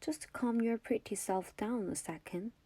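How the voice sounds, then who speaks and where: Give me a woman doing a drunk male sheriff with a slow drawl, in a soft whispered role-play. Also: on the high side, husky, no echo. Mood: leering.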